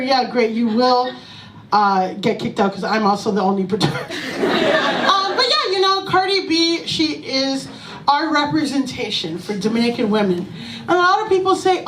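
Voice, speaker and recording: A woman performing a profane, animated stand-up comedy set on a small club stage. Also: high-pitched, normal speed, slight background noise. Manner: profane, animated, breaks into laughter. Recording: echoey room, mic from a distance.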